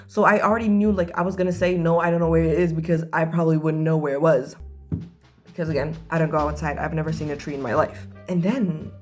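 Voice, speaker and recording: A young woman telling a casual storytime, animated and jokey, with dramatic swings into high-pitched exclamations. Her speaking voice sits a bit low for her age, and faint music plays underneath. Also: quick pace.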